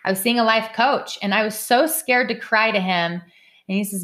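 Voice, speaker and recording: A woman's voice: mid-range voice, moderate pace, a bit bright. A middle-aged woman hosting a casual podcast, speaking candidly and heartfelt, repeating points for emphasis. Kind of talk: casual conversational podcast chat.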